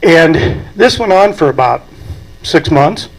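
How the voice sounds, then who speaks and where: A man's voice: fairly high pitch, expressive, measured pace, low-quality recording. An older man, speaking at a memorial and telling folksy anecdotes with chuckles. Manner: folksy storytelling, chuckling at his own stories. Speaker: aviation club president giving a eulogy.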